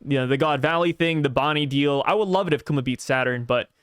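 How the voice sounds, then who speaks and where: A man's voice: mid-range voice, fast, a bit bright, clear, resonant tone, dry recording, clean studio sound. A young adult man co-hosting a casual podcast chat, talking in an easygoing, offhand way with slang.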